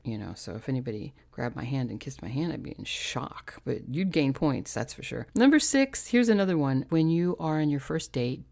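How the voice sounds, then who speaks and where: A woman's voice: very deep voice, vocal fry, dark tone. A woman chatting to camera with opinionated dating advice, counting off a numbered list. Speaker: vlogger giving dating advice. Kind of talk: casual talk to camera.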